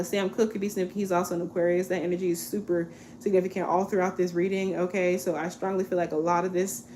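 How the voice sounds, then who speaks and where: A chatty young woman in her twenties talks through a tarot reading in a loose, relaxed way, often tagging lines with "okay?". Her voice sits a little low for a woman. A faint hiss runs under her voice. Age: 20s. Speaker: tarot reader.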